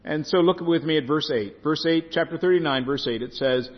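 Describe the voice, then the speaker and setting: A man's voice: a little high, fairly quick. A man preaching a sermon and explaining scripture, often stumbling and repeating words, recorded in a church. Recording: reverberant hall, dull lo-fi sound.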